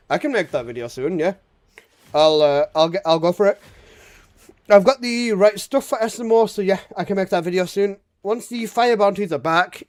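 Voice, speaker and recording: High-voiced young man chatting on stream. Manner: reads chat aloud and answers with swearing and laughs. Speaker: game streamer. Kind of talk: casual live-stream chat.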